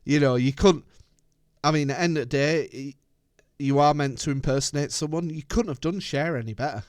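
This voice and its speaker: A British man co-hosting a casual chat show, chatty and quick to laugh. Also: on the high side, clear, resonant tone, no room sound, clean studio sound. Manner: chatty, laughs often, slips into jokey accents. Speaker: co-host.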